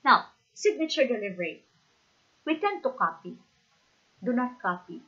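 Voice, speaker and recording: A woman's voice: on the high side, very animated, normal speed, dull audio. A woman teacher with a Filipino accent, giving an instructional lecture and checking in often with the listeners. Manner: emphatic, repeats "okay?" to check understanding.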